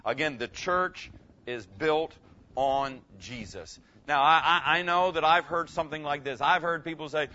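A pastor preaches to his congregation in a fairly high, forceful voice, pressing his points and asking them questions. His sound is bright and sharp. The recording is dull and lo-fi. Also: expressive, normal speed. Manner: emphatic, asks the congregation questions. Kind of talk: sermon. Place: room with a congregation.

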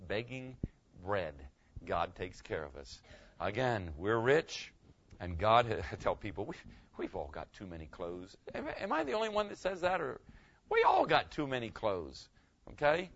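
A male pastor preaching a sermon, animated, swinging between loud bursts and hushed asides. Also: lowish voice, highs cut off.

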